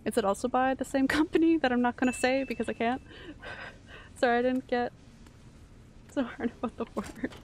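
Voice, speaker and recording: A young woman from Canada chatting and reacting loudly while streaming a game. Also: high voice, steady tone, moderate pace, long pauses, slight background noise. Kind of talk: live game stream commentary.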